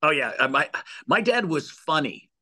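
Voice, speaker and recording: A man telling lively stories as an interview guest, with many restarts and repeated words. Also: fairly high pitch, moderate pace, no room sound. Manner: animated storyteller with many restarts. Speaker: executive search guest. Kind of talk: storytelling interview answers.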